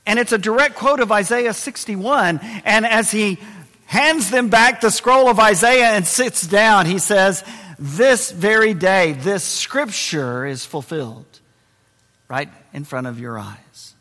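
A male pastor preaching a sermon, swinging between loud emphasis and quiet, intense moments. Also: high voice, lively intonation, takes it slowly, long reverb tail.

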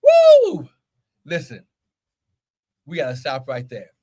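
A pastor preaching a fervent sermon, shouting scripture and breaking into exclamations between verses. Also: male voice, a little high, expressive, a little slow.

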